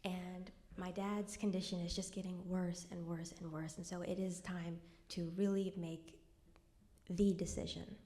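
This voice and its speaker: A young woman with a lowish, warm voice tells a true story from her own life live on stage at a cultural center. Her delivery is flat and measured, wry and conversational, sinking to almost a whisper when the story turns somber.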